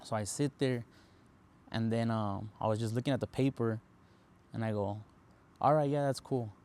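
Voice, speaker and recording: A man's voice: mid-range voice, normal speed, a little mellow. Laid-back young man telling a story. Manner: laid-back, lots of fillers, mixes in Spanish slang. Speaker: podcast host. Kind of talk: casual storytelling.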